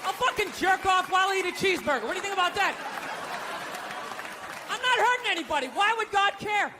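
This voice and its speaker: Stand-up man, very high bright tenor, sarcastic ranting, live stage mic with a faint crowd. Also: expressive, fast talker, noisy background. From United States. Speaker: stand-up comedian. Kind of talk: stand-up routine. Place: comedy stage before a live audience. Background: audience laughter.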